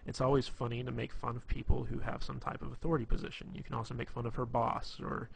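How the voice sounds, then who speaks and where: A man's voice: mid-range voice, little pitch movement, fast, creaky, slight background noise. A man giving casual, rambling advice on being funny, full of fillers and restarts. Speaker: dating advice presenter. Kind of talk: casual instructional talk.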